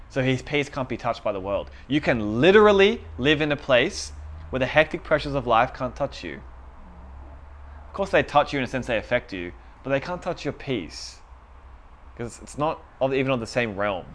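A young man delivering a casual sermon in a middle-pitched voice. He talks in a loose, conversational way, reading verses and then riffing on them with animated asides and laughter. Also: moderate pace. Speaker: preacher. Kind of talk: informal sermon.

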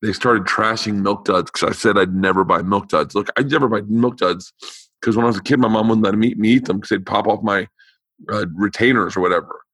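A podcast host with a fairly low, tired voice that has no power behind it chats loosely and briskly. His tone is fairly bright, and he rambles, stumbles and restarts his sentences. The sound is dry and close, with no echo.

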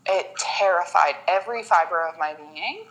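A woman's voice: fairly low pitch, moderate pace, rough recording. A woman guest in a casual interview, telling her story with feeling and acting out what people say. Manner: emotional, animated storytelling with acted-out quotes.

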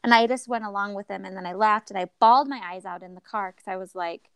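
A woman guest telling a personal story in a lively way, acting out what others said to her. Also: mid-range voice, quick pace, hardly any pauses, smooth, no room sound. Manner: animated, acts out quoted voices. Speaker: podcast guest.

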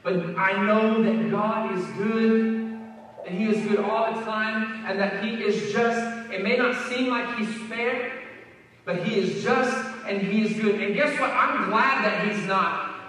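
A man preaching a sermon. He talks to the congregation in a conversational way, asks them questions, and drops low and soft when he quotes scripture. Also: steady tone, a little slow, slight background noise. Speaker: pastor. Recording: echoey hall heard from a distance.

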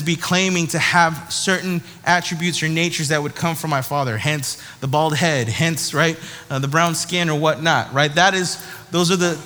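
A man giving a sermon in a lively, conversational way, often tossing in "right?" to his listeners. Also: a little high. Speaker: preacher. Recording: long hall reverb.

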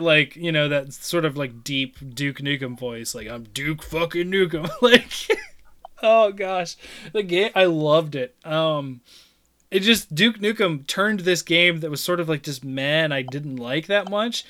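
A man chatting casually about a video game he played, rambling and laughing loudly. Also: on the high side. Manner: mimics game voices in retelling. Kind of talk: casual chat.

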